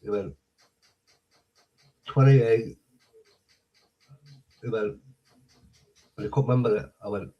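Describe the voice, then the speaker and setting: A man's voice: on the low side, takes it slowly, long pauses, mellow, muffled recording. A man in casual chat, telling blunt stories, acting out exchanges and swearing.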